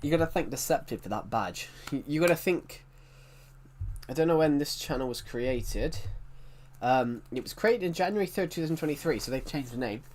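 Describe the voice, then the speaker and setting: A man's voice: on the high side, animated, moderate pace, darkish tone, slight background noise. A man chatting casually on a live stream, rambling and correcting himself, with a tickly throat that keeps him coughing.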